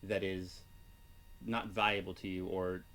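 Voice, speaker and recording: A man chatting casually as a guest, explaining things quickly and joking along. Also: deep voice, little pitch movement, fairly bright tone. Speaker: guest reseller. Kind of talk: casual chat.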